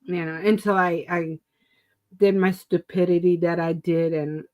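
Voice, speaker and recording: A woman's voice: lowish voice, unhurried, dull audio. A middle-aged woman co-hosting a casual talk stream, telling a story with lots of laughter and acted-out quotes. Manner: animated storyteller, laughs often, acts out quotes. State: asthma and COPD.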